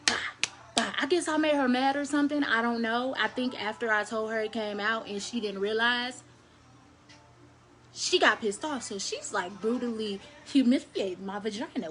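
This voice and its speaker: High-voiced woman telling a crude story. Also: slight background noise. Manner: blunt, crude, animated storytelling addressing viewers. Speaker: storyteller vlogger. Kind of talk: casual storytime to camera.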